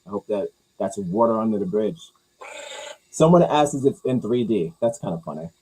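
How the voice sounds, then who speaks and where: A man hosting a casual talk, rambling through movie news with crude jokes and mumbled low asides. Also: moderate pace, mellow, husky, rough recording. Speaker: host reacting to movie news. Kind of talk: casual chat.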